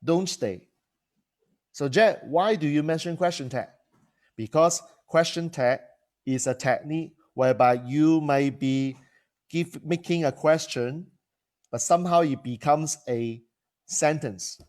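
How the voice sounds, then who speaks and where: A man's voice: fairly high pitch, a little slow, darkish tone. A man, teaching as a coach who often restarts phrases and asks rhetorical questions. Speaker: coach and trainer. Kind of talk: teaching talk to camera.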